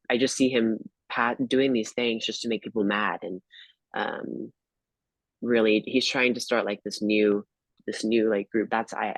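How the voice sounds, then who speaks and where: A man's voice: fairly low pitch, vocal fry, no room sound, poor audio. A man appearing as a guest tarot reader, talking hesitantly with many fillers and restarts. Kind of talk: casual predictions chat.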